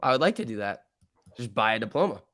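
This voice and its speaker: An excitable young man chats through a live stock-market stream, laughing easily and reacting to the chat as it scrolls by. His voice sits in a middle register and sounds dry and close, with no room echo around it. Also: medium pitch, fast talker. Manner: excitable, laughs often, reads chat aloud. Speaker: stock livestream host.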